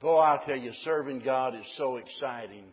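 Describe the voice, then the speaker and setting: A man's voice: mid-range voice, moderate pace, husky, long reverb tail, dull audio. A man preaching a sermon to his congregation in a folksy manner that rises into emphatic preaching. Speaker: pastor.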